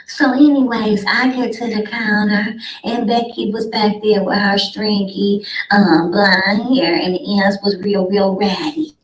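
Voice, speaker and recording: A woman's voice: mid-range voice, fairly even intonation, a little slow, hardly any pauses. A woman podcast host telling a sassy, dramatic story, acting out both sides with big swings in her voice. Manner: sassy, dramatic, addresses listeners as honey and sweet babies. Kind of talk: animated storytelling. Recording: roomy echo.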